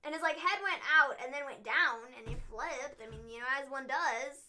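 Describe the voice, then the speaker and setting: A young woman hosting a casual livestream recap, animated and giggly, piling up repeated exclamations. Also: high voice, normal speed, faint music behind. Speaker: host, wrestling recap.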